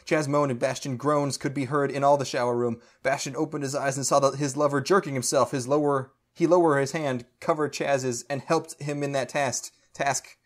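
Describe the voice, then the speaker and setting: A man's voice: medium pitch, fairly even intonation, moderate pace, few pauses. A man podcast co-host reading fan fiction aloud for comedy, stumbling over the awkward prose and breaking into laughter.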